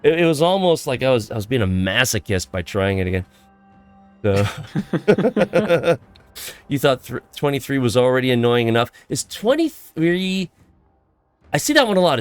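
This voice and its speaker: Male stream host, excitable and giggly, stumbles over words, pitch swinging widely, mid-range voice. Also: brisk, clear, resonant tone. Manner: excitable, laughs often, trips over words. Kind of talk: casual livestream chat.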